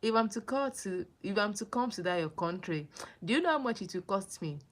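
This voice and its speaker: A woman's voice: mid-range voice, brisk. A young woman from Nigeria hosting a casual livestream, greeting viewers by name and answering their comments, often repeating herself. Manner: animated, repeats names and phrases, greets viewers. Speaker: livestream host.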